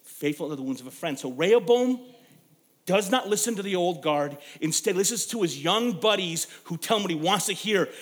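A young man preaching a sermon, telling stories and swinging from loud emphasis to hushed, quiet lines. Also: sits high, expressive, a little fast. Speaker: pastor.

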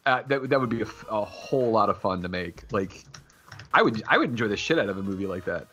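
A man co-hosting a casual chat, rambling and animated, often slipping into goofy character voices. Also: fairly low pitch, fast, lo-fi sound, soft background music. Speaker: podcast co-host.

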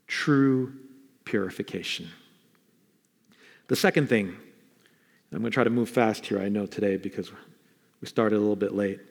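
Animated man preaching in echoing hall. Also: a little high. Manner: animated preaching, acts out quoted voices. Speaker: pastor. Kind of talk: sermon. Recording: reverberant hall.

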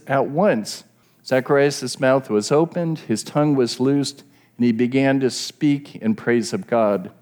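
A man's voice: mid-range voice, a little mellow. A middle-aged man preaching a Bible sermon, explaining the verses and asking his listeners questions.

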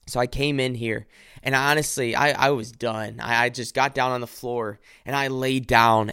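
A man hosting a devotional podcast from his living room, speaking earnestly and haltingly with frequent restarts. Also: medium pitch, a bit bright, clear, resonant tone, dry recording, clean studio sound. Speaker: podcast host.

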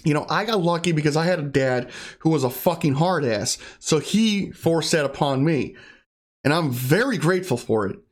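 A man's voice: fairly high pitch, lively intonation, normal speed. A young man giving a blunt, profane pep-talk rant in a casual monologue.

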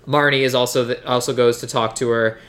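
A podcast host recapping a movie in casual chat, a chatty storyteller who acts out lines in quick voices. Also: medium pitch, fairly even intonation, fairly bright tone.

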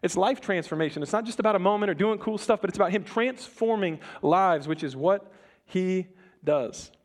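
A young adult man preaching a sermon to a congregation in a conversational, animated way, often restarting his sentences and acting out the people in the story. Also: sits high, moderate pace. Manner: conversational, animated, self-interrupting. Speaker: pastor. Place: church before a congregation.

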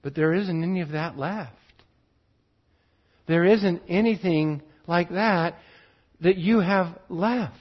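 A man preaching a sermon in an earnest way, switching between urgent bursts and quiet, drawn-out phrases. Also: high-pitched, lo-fi sound.

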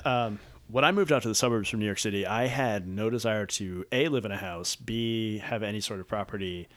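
A man's voice: on the low side, brisk, a bit bright. A young adult man co-hosting a podcast, joking and self-mocking, laughing often. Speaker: podcast co-host. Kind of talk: casual chat.

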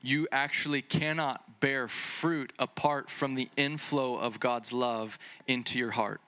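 Bright-voiced excitable male preacher. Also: medium pitch, measured pace, clean tone. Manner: excitable, conversational preaching with many fillers and restarts; acts out little dialogues between Jesus and the Father. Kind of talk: sermon.

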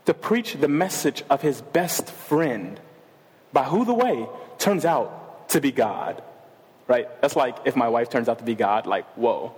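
A man's voice: medium pitch, expressive, unhurried, darkish tone. A male pastor preaching a sermon in a casual, conversational way, with jokes and asides. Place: church sanctuary with a stage. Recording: long reverb of a large church hall.

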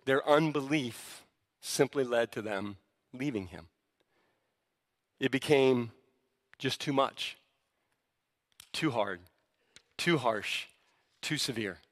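Bright-voiced pastor preaching in a reverberant hall. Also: male voice, medium pitch, animated, slow pace, long pauses. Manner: conversational teaching that builds to fervent emphasis. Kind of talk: sermon. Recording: long reverb of a large hall.

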